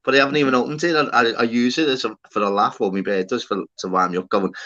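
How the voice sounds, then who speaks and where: A man hosting a livestream, telling an animated story in casual chat, swearing often and calling people lad and mate. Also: medium pitch, quick pace, few pauses. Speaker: livestream host. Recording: dull lo-fi sound.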